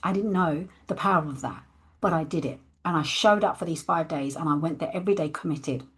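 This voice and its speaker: A woman's voice: sits low, a little fast, breathy edge. A woman, a coach candidly telling her personal story and acting out her past thoughts.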